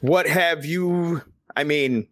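A man hosting a podcast, telling stories in a casual, animated way and swearing constantly. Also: on the high side, takes it slowly. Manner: animated, heavily profane. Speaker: podcast host. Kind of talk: casual storytelling chat.

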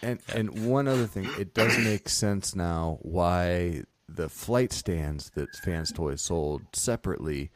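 A man's voice: low voice, lively intonation, slow pace, hardly any pauses. A man in a casual chat, speaking in a laid-back way over a noisy mic.

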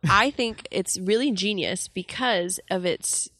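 A woman's voice: medium pitch, measured pace, a bit bright. A young woman and comic in casual chat, talking loosely with lots of "like". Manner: laughs often, fillers like "like". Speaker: podcast guest, comic.

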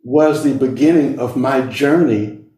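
A middle-aged man telling a personal story to an audience, speaking slowly and earnestly with long deliberate pauses. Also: medium pitch, mellow. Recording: roomy sound from a distant mic.

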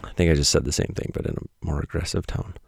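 A man in his thirties, hosting a podcast, reads his weekly essay quickly and in a steady tone, his voice very deep and gravelly. He delivers it casually and wryly, mocking himself and making blunt asides. The sound is clean studio audio with no echo.

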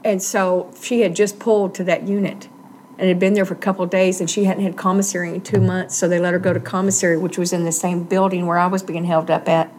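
A woman's voice: lowish voice, flat delivery, quick pace, a little mellow, slight background noise. A middle-aged woman, earnestly telling a personal story in an interview and acting out the voices she quotes.

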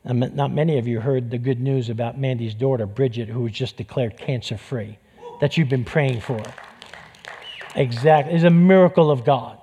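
A man's voice: mid-range voice, steady tone, moderate pace, dark tone, a little hiss or hum. A man with a New York accent preaching a sermon with passion, repeating phrases for emphasis. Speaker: pastor.

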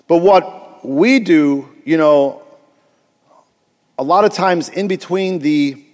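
Pastor guy telling a sermon story, kinda high voice, echoey church. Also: darkish tone. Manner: storytelling, with frequent restarts and "you know".

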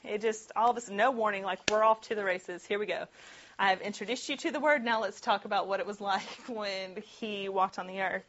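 A woman's voice: mid-range voice, fairly even intonation, a little fast, a bit bright, lo-fi sound. Chatty woman teaching a Bible class. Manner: chatty and conversational, often laughing, with many "like" and "right?" asides. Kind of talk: casual Bible teaching to a group.

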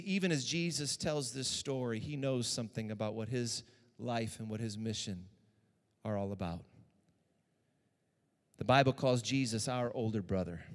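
A man preaching a sermon as pastor, moving between hushed personal tones and raised, urgent exhortation. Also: medium pitch, big-room sound.

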